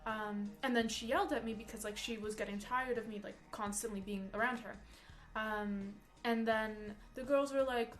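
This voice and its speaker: A young woman livestreaming from home, telling a story in a chatty, animated way full of "like" while reading chat. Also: on the high side, moderate pace, faint music behind. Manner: chatty, animated, peppers speech with "like".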